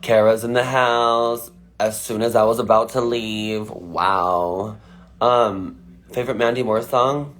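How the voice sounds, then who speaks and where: Chatty low-voiced man on a phone livestream. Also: fairly even intonation, slow pace, fairly bright tone. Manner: chatty, filler-heavy, frequent "like". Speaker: singer answering fan questions. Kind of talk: casual livestream chat.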